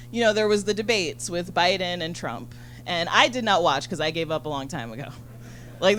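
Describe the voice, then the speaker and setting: A woman doing a stand-up comedy set on a handheld mic, talking rapidly and profanely with lots of "like". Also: medium pitch, fairly bright tone, slight background noise. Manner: rapid, chatty, full of "like" and profanity. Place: comedy venue.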